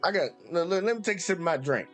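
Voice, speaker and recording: A man's voice: high voice, animated, fast, faint music behind. A man hosting a sports channel, ranting heatedly and profanely with speech. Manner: profane, exasperated, repetitive. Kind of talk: heated live-stream rant.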